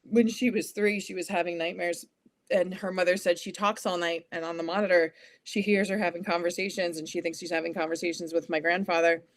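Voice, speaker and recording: A woman's voice: on the low side, steady tone, fairly quick, dry recording. Woman psychic guest in her thirties, chatty and casual, leans on "like". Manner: chatty, many "like" fillers, acts out children's voices. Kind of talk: casual interview chat.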